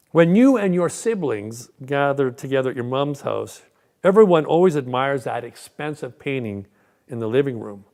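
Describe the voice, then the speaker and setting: Male pastor, gravelly and conversational, warm sermon delivery. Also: mid-range voice. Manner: conversational, repeats words when starting sentences. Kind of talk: sermon with a joke.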